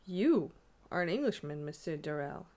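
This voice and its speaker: A woman's voice: sits low, big pitch swings, normal speed, a little mellow. A woman reading aloud, voicing an obstinate, superstitious village mayor who grows fearful. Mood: uneasy. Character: stubborn, superstitious old village mayor, frightened. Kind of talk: audiobook reading.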